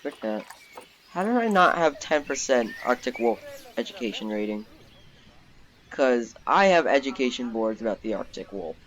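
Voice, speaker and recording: A young man giving casual, rambling commentary while playing a zoo game, getting excited easily. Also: medium pitch, normal speed, dull audio, slight background noise. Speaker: gaming YouTuber. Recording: background game music.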